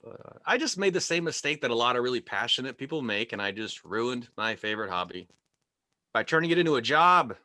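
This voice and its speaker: A man's voice: medium pitch, big pitch swings, brisk, sharp tone, no echo. A man doing a stand-up comedy set over a video call, telling wry stories that build to punchlines. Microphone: video call microphone.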